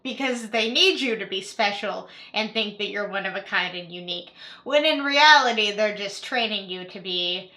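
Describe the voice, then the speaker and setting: A woman's voice: mid-range voice, moderate pace, bright, forceful tone. A young woman giving casual reaction commentary as a YouTuber, chatty and full of "like" fillers. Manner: chatty, filler-heavy with frequent "like", repeats herself.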